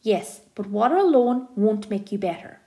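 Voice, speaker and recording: A woman reading aloud, voicing an exasperated mother who talks briskly and impatiently. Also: mid-range voice, expressive, dark tone, natural voice.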